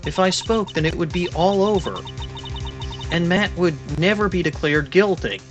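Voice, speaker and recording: A fragile young woman witness, voiced by a man, her voice raised and quiet. She stammers and begs, shrinking into every word, with soft game music underneath. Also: high-pitched, normal speed, pitched above the performer's own voice, natural voice. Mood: scared, pleading. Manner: stammering, pleading, hushed.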